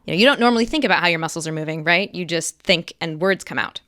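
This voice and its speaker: A woman's voice: fairly low pitch, quick pace, fairly bright tone, dry recording, clean studio sound. A woman actress, a guest in an interview, talking casually and acting out little quoted voices as she explains.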